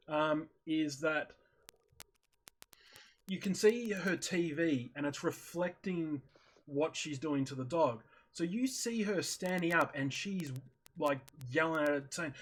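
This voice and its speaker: A man with a husky, slightly breathy voice that sits a bit higher than most men's. He talks casually over voice chat and tells a story with animated energy. He acts out his own reactions as he goes. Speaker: streamer in voice chat. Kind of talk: casual chat, retelling a video. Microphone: headset or desk mic on voice chat.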